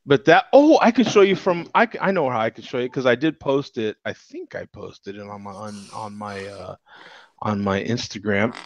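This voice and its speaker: A middle-aged man telling a story in casual chat. He is animated, laughs a lot and keeps asking "you know what I'm saying" over a video call. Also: medium pitch, normal speed, no room sound. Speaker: regular panelist. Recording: dull lo-fi video call audio.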